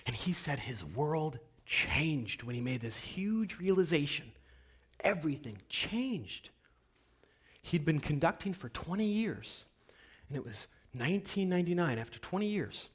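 A man giving a motivational seminar talk to an audience, asking them questions and swinging from hushed whispers to loud, emphatic bursts. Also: a little high, expressive, unhurried, slightly rough. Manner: addresses the audience directly with rhetorical questions. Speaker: motivational speaker.

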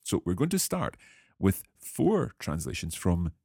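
A man hosting a language lesson podcast, explaining verb forms patiently and clearly. His voice sits very low but moves a lot in pitch, with a slightly husky edge. The sound is dry and close. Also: very animated, warm tone, no room sound. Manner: clear, measured teacher explaining grammar.

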